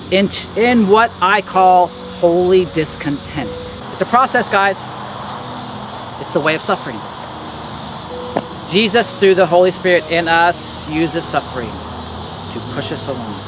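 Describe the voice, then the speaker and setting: A man's voice: high-pitched, low-quality recording. A man hosting a church video, talking earnestly straight to his viewers and driving his points home with repetition. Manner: earnest, addresses viewers as "guys", emphatic repetition. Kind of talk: direct-to-camera teaching talk.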